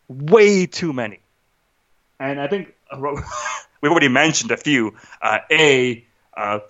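Fuming man ranting about a film, bright tone. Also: mid-range voice, dull audio. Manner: agitated, restarts, rhetorical "right?". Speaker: podcast co-host. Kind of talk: casual film rant.

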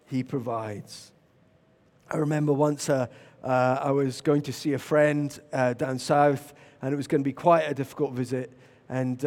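Preacher in an echoing hall. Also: male voice, medium pitch. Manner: animated, shifts to loud shouts and quiet reflection. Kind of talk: sermon with storytelling. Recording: long reverb of a large hall.

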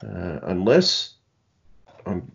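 A man's voice: low-pitched, very animated, extremely slow, vocal fry, muffled recording. A man hosting a podcast in casual chat, laid-back and teasing. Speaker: podcast host.

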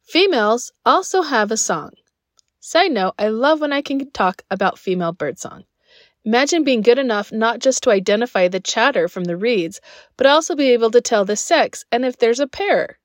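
A woman's voice: on the high side, expressive, normal speed, no room sound, studio quality. A woman hosting a podcast, reading scripted narration in a friendly, enthusiastic way with chatty personal asides. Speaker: podcast host.

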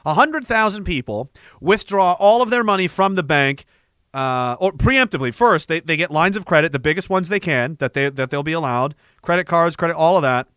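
A man delivering a sarcastic, profane satirical rant as an online commentator, slipping into a mock bank-salesman pitch. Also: lively intonation, brisk, fairly bright tone, smooth, dry recording, clean studio sound. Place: Canada.

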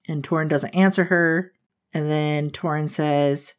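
A woman with a lowish voice walks through a book's plot at a slow, easy pace. She tells it like casual chat with a friend, animated and quick to laugh. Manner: animated storytelling, laughs often. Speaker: book podcast host.

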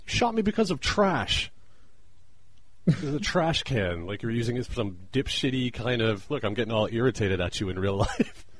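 A man's voice: medium pitch, fairly quick. A man co-hosting a casual comedic podcast, telling stories with lots of laughter. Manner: laughing, animated storytelling. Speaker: podcast co-host.

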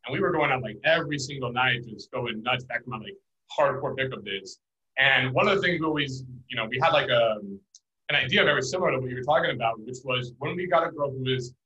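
A man hosts a casual podcast chat, telling relaxed stories full of fillers. His voice is bright and a little sharp, and he talks at a quick clip. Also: medium pitch, dull audio.

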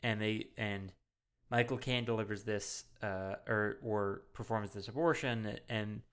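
A man co-hosting a casual movie podcast, rambling and animated, with lots of swearing and fillers. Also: on the low side, unhurried, clean tone. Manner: rambling and animated, heavy profanity, many fillers. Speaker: podcast co-host.

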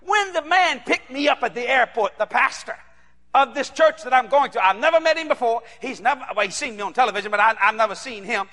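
A male preacher from New Orleans delivers a sermon in a high, piercing voice, shouting and acting out every character. His bright, forceful tone rings through a hall with a long echo. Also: a little fast. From New Orleans, Louisiana. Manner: animated, shouting, acts out voices. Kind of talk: sermon storytelling.

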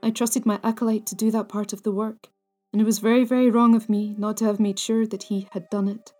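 A woman voicing a kindly older priest who speaks slowly and earnestly, full of remorse. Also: mid-range voice, level tone, mellow, soft background music, close to an everyday voice. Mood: remorseful.

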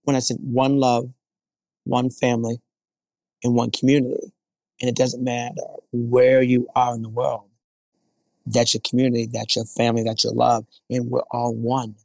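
A man's voice: mid-range voice, normal speed, creaky, dry recording. Earnest man, dry close sound. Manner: earnest, quotes others in animated voices. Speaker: guest. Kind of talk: casual conversation.

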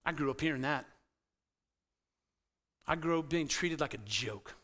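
A man preaching a sermon as pastor to a congregation in a church, animated and swinging between loud emphasis and quiet intensity. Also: a little high, a little slow, pauses often. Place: church sanctuary.

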